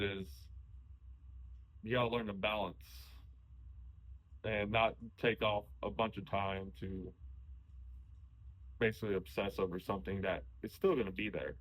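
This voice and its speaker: Low-voiced young man telling stories. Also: rough recording. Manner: relaxed storytelling, frequent restarts. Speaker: podcast host, hunter. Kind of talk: casual conversation.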